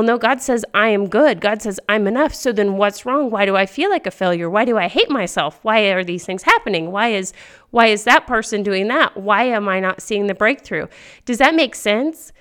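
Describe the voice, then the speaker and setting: A woman hosting a faith-based podcast monologue. She talks earnestly and with energy, firing off rhetorical questions. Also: a little high. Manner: animated, full of rhetorical questions; earnest and encouraging. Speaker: podcast host.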